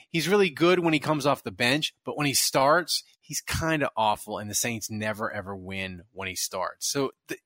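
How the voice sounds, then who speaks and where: Casting note: man host, bright forceful voice, animated rambling sports talk, dry close sound. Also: on the high side, dry recording. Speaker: podcast host. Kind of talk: casual sports talk show.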